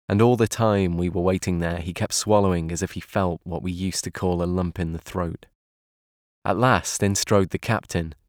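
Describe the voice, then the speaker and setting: A man reads an audiobook aloud in a calm, measured way. His voice sits very low. The sound is dry, with no room echo. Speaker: narrator. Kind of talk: audiobook narration.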